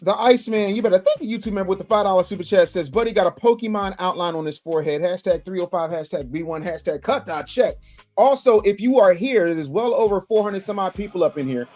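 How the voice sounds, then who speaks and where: A man hosts a reaction livestream from his home setup, speaking through a studio microphone. His voice sits fairly high, and he exclaims and jokes with his viewers as he reacts to clips. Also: quick pace, faint music behind. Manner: animated, exclaiming, teasing chat. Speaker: livestream host. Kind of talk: reaction commentary.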